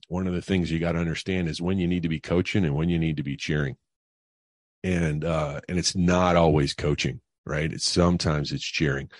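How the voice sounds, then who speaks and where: Speaking in a low-pitched voice, this middle-aged man, a financial advisor, is an eager storyteller on a casual podcast interview, rambling and leaning heavily on fillers. The sound is clean studio audio with no echo.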